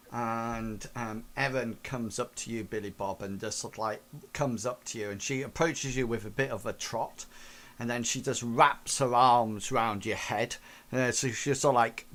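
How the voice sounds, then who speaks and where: A man's voice: mid-range voice, fairly bright tone, slight background noise. Rambling male game master. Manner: rambling, full of fillers. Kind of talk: narrating a tabletop game.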